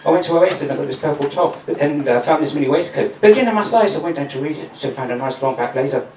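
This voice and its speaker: A man's voice: on the high side, lively intonation, fast, darkish tone, a little hiss or hum, close to an everyday voice. A man playing his girlfriend as she rattles on about her shopping, heard at a distance in an echoey room. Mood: chatty. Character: chatty young woman listing her shopping.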